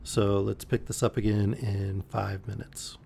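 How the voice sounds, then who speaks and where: A man reading a novel aloud on a live stream, relaxed, with the odd slip and restart. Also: lowish voice, unhurried, creaky, a little hiss or hum. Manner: relaxed, with occasional slips and restarts. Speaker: audiobook reader on a live stream. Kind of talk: reading a novel aloud, voicing characters lightly.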